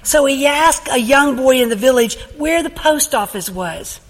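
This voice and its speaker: High-voiced woman preaching in an echoey hall. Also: measured pace. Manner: animated storyteller, laughs often. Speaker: pastor. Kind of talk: sermon.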